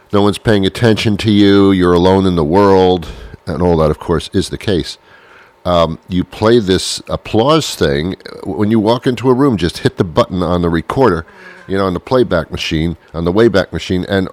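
A man with a very deep, low voice hosts a comedy show. He rambles through his monologue, teasing himself and circling back on his jokes. The sound is dry and close, with no room echo. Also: a little mellow. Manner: playful, self-mocking, rambling with restarts.

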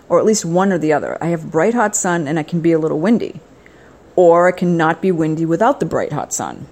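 A woman's voice: on the low side, darkish tone, poor audio. An older woman hosting a podcast, chatting in a wry, rambling way about her trip. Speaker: podcast host. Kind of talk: casual travel vlog monologue. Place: outdoors then indoors, on a trip.

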